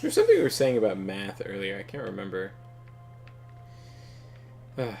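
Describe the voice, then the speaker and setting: A man rambling through gaming commentary, his pitch swooping up and down as he jokes. He laughs often and trails off mid-thought, with game music playing behind him. The delivery is loose and casual throughout. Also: huge pitch swings, normal speed, gravelly, dark tone. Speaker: let's play host.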